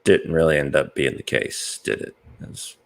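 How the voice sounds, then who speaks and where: A man's voice: rumbling low, moderate pace, gravelly. An American man hosting a casual podcast chat, rambling with many fillers and easy laughs. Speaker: podcast host.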